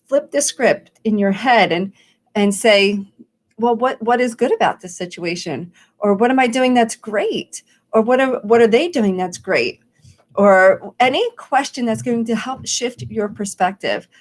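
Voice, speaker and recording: A woman's voice: a little high, unhurried. Upbeat woman coaching on a live stream. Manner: encouraging, rambling with restarts and quoted self-questions. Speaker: life coach hosting a daily challenge.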